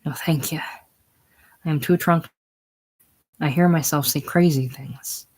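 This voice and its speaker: A man's voice: fairly high pitch, unhurried, darkish tone, rough recording. A man voicing a drunk, rambling male anarchist, giggling one moment and frightened the next, in a play reading.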